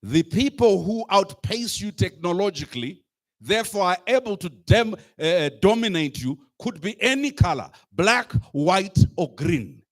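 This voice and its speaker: Slow, emphatic man giving a rousing speech. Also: high-pitched, animated. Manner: emphatic, rhetorical repetition, rising to shouts. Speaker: speaker addressing a youth climate assembly. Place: live event stage.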